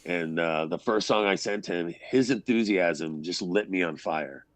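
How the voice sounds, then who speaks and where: A man's voice: sits low, measured pace, no echo. A man, a band frontman, telling stories in a casual interview, rambling and swearing freely. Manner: rambling storyteller, swears freely, acts out quotes.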